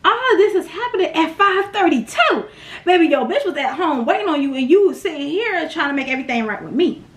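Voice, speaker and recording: A woman's voice: very high-pitched, very animated, a little fast. A young woman telling a storytime tale to her viewers in a blunt, profane, dramatic way. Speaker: storytime vlogger. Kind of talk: casual storytime chat. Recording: roomy echo.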